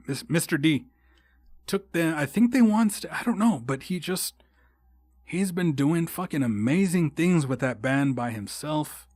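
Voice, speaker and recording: A man's voice: fairly high pitch, dry recording, clean studio sound. A young man hosting a solo podcast, rambling and swearing a lot with frequent restarts. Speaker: podcast host. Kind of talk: casual solo podcast monologue.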